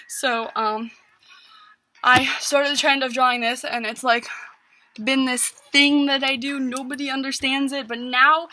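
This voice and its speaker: Teen girl, high-pitched, bright, rambling vlog chatter, lots of fillers, home computer mic. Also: a little hiss or hum, rough recording. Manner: rambling, filler-heavy with constant "like". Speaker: vlogger. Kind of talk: casual storytelling vlog.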